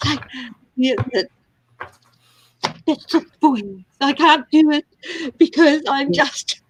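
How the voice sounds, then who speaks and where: A woman's voice: high-pitched, fairly even intonation, slow pace, poor audio. A woman from Australia hosting a casual tarot reading livestream, chatting and laughing often. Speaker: tarot reader livestream host.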